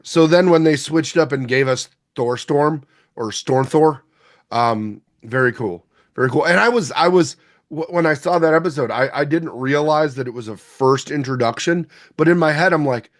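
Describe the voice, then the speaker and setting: A man's voice: mid-range voice, normal speed. A man co-hosting a podcast, giving blunt, sarcastic opinions in casual chat and swearing freely. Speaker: podcast co-host.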